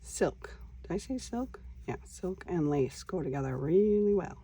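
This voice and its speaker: A woman hosting a casual crafting vlog, talking quietly to herself as she works. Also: fairly low pitch, animated, a little slow, slightly rough. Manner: quiet, mutters to herself while working. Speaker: crafting channel host.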